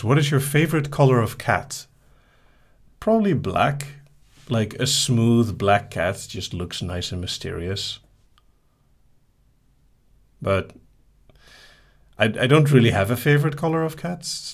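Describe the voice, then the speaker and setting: Easygoing man with a lively, low voice. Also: unhurried, pauses often. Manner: soft-spoken, easygoing, reads each question aloud then answers briefly. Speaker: hypnotist hosting a live stream. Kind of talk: casual live Q&A reading viewer questions.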